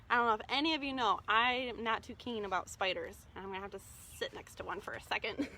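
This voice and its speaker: A woman's voice: medium pitch, fast, hardly any pauses, bright, forceful tone, a little hiss or hum. A woman hosting a children's storytime outdoors, singing and reading in a cheerful sing-song manner, recorded on a phone resting on a small table. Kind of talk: live storytime with songs and picture-book reading.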